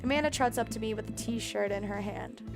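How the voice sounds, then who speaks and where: A woman's voice: fairly high pitch, a little fast, over music. A woman game streamer reading a playthrough aloud with playful, giggly commentary.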